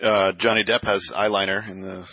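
A man's voice: sits low, little pitch movement, normal speed, highs cut off. A man hosting a card game podcast, chatting casually with upbeat, encouraging reactions. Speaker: podcast host. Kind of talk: casual chat.

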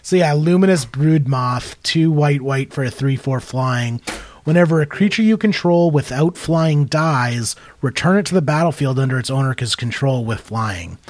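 A man's voice: medium pitch, lively intonation, normal speed. A man on a podcast as guest, chatting casually and explaining card rules in detail, laughing easily. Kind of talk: casual chat.

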